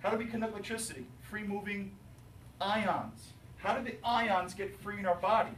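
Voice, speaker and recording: A male chemistry teacher lecturing his class, animated and jokey, asking students questions. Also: sits high, normal speed, slight background noise. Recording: roomy, distant classroom recording.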